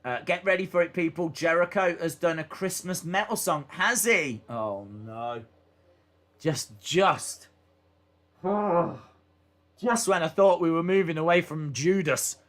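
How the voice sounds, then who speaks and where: A young man with a fairly high, slightly bright voice speaks at a measured pace while livestreaming a wrestling watch-along. He calls the moves play-by-play, reads viewers' chat aloud, and keeps things casual with frequent "uh."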